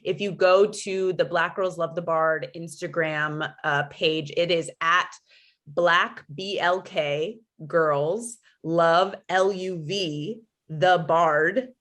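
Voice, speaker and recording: A woman's voice: fairly low pitch, takes it slowly, fairly bright tone. A woman from California hosting a panel on a video call, talking effusively and gratefully. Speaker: host. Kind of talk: facilitating a panel discussion.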